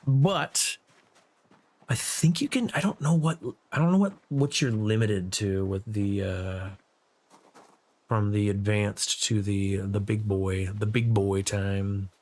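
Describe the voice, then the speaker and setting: Slow, profane man narrating gameplay. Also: fairly low pitch. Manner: loose, profane, talking to himself. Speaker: gaming streamer and server host. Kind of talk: casual gameplay commentary.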